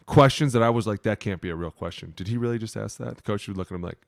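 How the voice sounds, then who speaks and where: A man co-hosting a casual sports podcast, telling locker-room stories with lots of swearing and acted-out coach yelling. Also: fairly low pitch, racing, vocal fry, few pauses, no room sound, studio quality. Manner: profane, animated storytelling, acting out coaches' yelling. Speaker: podcast co-host, former offensive lineman.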